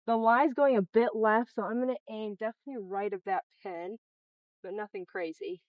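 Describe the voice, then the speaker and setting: A woman's voice: medium pitch, fairly even intonation, normal speed, dry recording, muffled recording. A young woman talking her way through a round of golf, chatty and coaching herself over each shot. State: out of breath from running between shots. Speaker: golf vlogger. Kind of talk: casual self-narrated golf vlog. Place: outdoor golf course at dusk.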